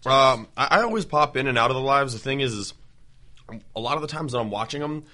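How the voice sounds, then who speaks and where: A man's voice: medium pitch, lively intonation, quick pace, bright, forceful tone. A man co-hosting a podcast, talking loosely and casually. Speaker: podcast co-host. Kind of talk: casual chat.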